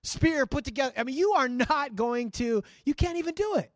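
A man voicing an incredulous king who loudly tells a boy he cannot win, with halting repeats. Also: extremely high pitch, lively intonation, no echo, studio quality. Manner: loud, exclaiming, halting repeats.

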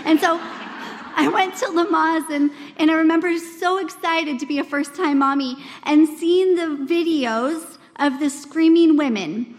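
A high-pitched woman in her forties gives a sermon to a room of women, talking in an earnest, conversational way. She acts out quoted voices with big swings in pitch. The long reverb of a large church hall carries her voice. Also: unhurried. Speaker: speaker at a women's church gathering.

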